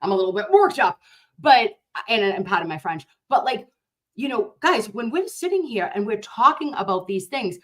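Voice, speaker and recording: A woman from Dorchester with a Boston accent, hosting a casual reaction chat. She talks in an animated, excitable way, swears freely and calls her viewers babe and loves. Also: fairly high pitch, moderate pace. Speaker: host reacting to a juror interview.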